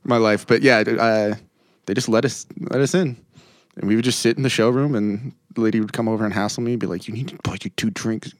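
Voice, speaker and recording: A man's voice: mid-range voice, steady tone, fast, no room sound, studio quality. A young man, a comedian guest on a casual podcast, who rambles, laughs often and mimics voices in his anecdotes.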